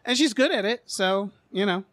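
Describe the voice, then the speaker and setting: A man's voice: high-pitched, moderate pace, fairly bright tone, no room sound. A man co-hosting a podcast, chatting casually about film trailers in a rambling, jokey way with some swearing. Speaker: podcast co-host.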